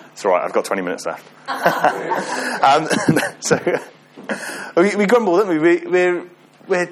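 Guy preaching casually, keeps asking the crowd stuff, bit of room hum behind. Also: a little high. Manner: chatty, asks the audience questions, self-deprecating humor. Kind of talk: informal sermon to a congregation.

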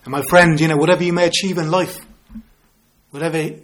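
Male preacher, 50s, earnest sermon delivery with rhetorical questions, slightly higher voice. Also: fairly even intonation, fast talker. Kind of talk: evangelistic sermon.

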